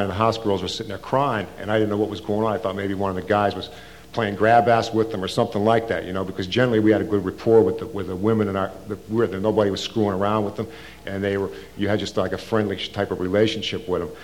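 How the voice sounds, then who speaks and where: An older man speaking in a fairly low voice, telling his own story in an oral-history interview. He rambles casually, trips over restarts and falls back on slang. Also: slight background noise. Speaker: Vietnam veteran recounting his service.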